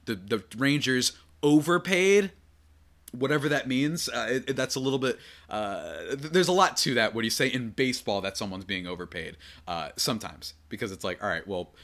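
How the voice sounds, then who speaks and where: A man hosting a solo sports podcast, talking in a rambling, excitable way with many fillers and restarts. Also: on the low side. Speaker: podcast host.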